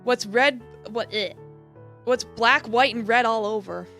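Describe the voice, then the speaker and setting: A woman's voice: a little high, a little slow, fairly bright tone, soft background music. A young woman streamer chatting and joking through a game, rambling with lots of fillers. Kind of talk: live game commentary.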